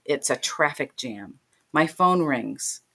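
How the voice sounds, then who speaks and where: Low-voiced middle-aged woman telling a story. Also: animated, slow pace, a bit bright. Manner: vivid, emotional, acts out quoted voices. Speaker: podcast guest. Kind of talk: personal storytelling.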